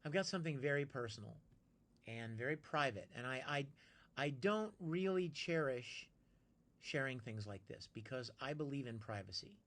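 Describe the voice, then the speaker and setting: A man's voice: medium pitch, animated, moderate pace, a bit bright. A man hosting a casual live stream, chatty and friendly, answering viewers by name and plugging his projects. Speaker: live streamer reading chat.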